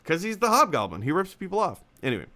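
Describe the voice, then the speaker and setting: Young male stream host, lively pitch, rambling and filler-heavy, casual chat. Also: fast talker. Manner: rambling, restarts, many fillers. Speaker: host of a live movie chat show. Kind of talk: casual live-stream chat reading viewer comments.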